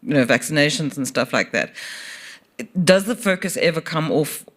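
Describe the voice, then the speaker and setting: A man's voice: on the high side, lively intonation, moderate pace, a bit bright. Rambling man asking a question. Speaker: audience member asking a question. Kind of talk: conference Q&A.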